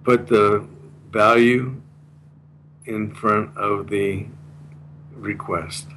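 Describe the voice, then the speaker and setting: Speaking very slowly in a lowish, steady, slightly bright voice, a man in a casual interview earnestly lays out a communication course and repeats its main points. The recording is low quality, with a little hiss or hum.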